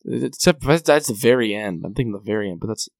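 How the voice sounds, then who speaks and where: A man's voice: fairly low pitch, animated, quick pace, gravelly, dry recording. A man co-hosting a podcast in casual chat, recapping scenes and acting out quotes. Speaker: podcast co-host.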